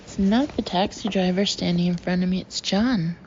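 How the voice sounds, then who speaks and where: A woman's voice: on the low side, moderate pace, darkish tone, muffled recording, a little hiss or hum. A woman narrating a novel in the first person, telling it in an intimate, emotional way. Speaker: audiobook narrator.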